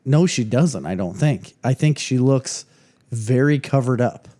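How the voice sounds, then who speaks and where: A man's voice: medium pitch, expressive, a little slow, warm tone. A man in his thirties co-hosting a podcast in casual chat, joking around and insisting on his points. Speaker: podcast co-host. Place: indoor room during a storm.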